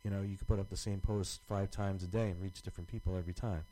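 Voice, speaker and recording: Low, mellow-voiced man rambling on a podcast. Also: fairly even intonation, quick pace, rough recording. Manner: rambling, many restarts and fillers. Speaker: podcast co-host. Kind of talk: casual chat.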